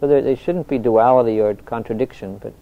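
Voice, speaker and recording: A soft-spoken older man, a spiritual teacher telling anecdotes in a reflective talk, often restarting his sentences. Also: medium pitch, a little fast. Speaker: spiritual teacher answering questions. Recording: dull lo-fi recording.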